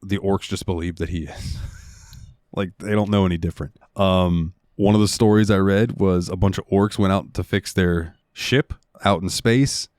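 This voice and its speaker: This young man, co-hosting a gaming podcast, chats casually and rambles through his stories, filling them with ums and likes. His low, darkish voice keeps a fairly even intonation at normal speed. No room sound is audible, and the quality is studio-grade.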